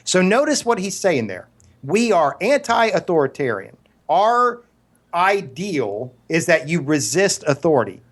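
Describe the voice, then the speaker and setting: A man's voice: fairly high pitch, sing-song, unhurried. A man co-hosting a casual podcast, arguing earnestly with stumbling restarts and absurd analogies. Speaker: podcast co-host. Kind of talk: casual argumentative discussion.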